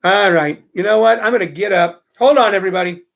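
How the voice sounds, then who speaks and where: A man's voice: high voice, quick pace, gravelly, a bit bright. A man from St. Louis hosting a casual live-stream comedy show, chatting in a rambling, self-interrupting way. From St. Louis, Missouri.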